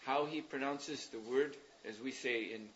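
A man leading a religious class, explaining ideas at length in a thoughtful, meandering way with pauses and fillers. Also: medium pitch, fairly bright tone, slight background noise. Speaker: spiritual teacher leading a class. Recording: dull lo-fi recording.

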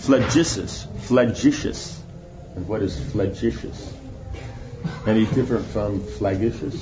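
A man's voice: lowish voice, fairly even intonation, normal speed, noisy background. Male teacher for a casual scripture class; conversational, keeps asking "right?", slightly dull recording. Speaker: spiritual teacher.

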